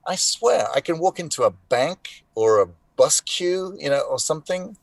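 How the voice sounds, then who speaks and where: A male voice actor, a guest in a live online interview, telling animated anecdotes with restarts and asides. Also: a little high, normal speed, no echo. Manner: animated anecdotes with frequent restarts and 'you know'. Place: lives in Denmark.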